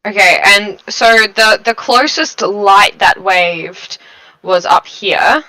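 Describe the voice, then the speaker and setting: A woman's voice: medium pitch, expressive, takes it slowly, vocal fry, sharp tone, low-quality recording. A woman playing a tabletop game, eagerly asking the game master what her character can do. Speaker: player. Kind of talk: casual tabletop game play.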